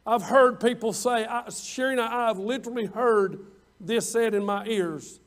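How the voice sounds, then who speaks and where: A man preaching a sermon as pastor, stretching out his words and rising louder on scripture quotes. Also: extremely high pitch, moderate pace.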